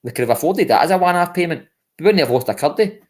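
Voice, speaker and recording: A man's voice: a little high, expressive, quick pace. A Scottish man co-hosting a football podcast, talking bluntly, repeating himself and swearing. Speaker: podcast co-host. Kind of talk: casual football podcast chat.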